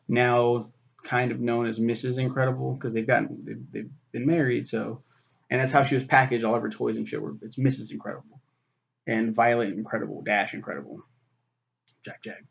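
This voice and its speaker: Gravelly, foul-mouthed man rambling casually. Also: medium pitch. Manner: profane, rambling, full of fillers and restarts. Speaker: film reviewer. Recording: dull lo-fi recording.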